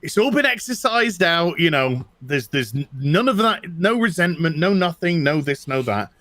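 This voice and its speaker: Recorded dry, this middle-aged British co-host speaks at a moderate pace with a fairly high pitch. In relaxed conversation he animatedly recounts personal anecdotes, frequently starting over and saying things more than once.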